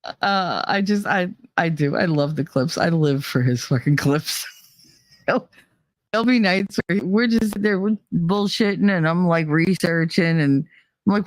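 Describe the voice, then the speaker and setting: A woman's voice: sits low, normal speed, no echo. Woman host, casual and blunt, swears freely, laughs often; dry, close recording. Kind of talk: casual chat.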